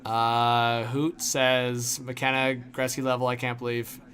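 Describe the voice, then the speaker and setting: A young man hosts an easygoing hockey livestream, slowly working through chat messages in a rambling, filler-laden way with frequent "like"s. His medium-pitched voice is level and a bit bright.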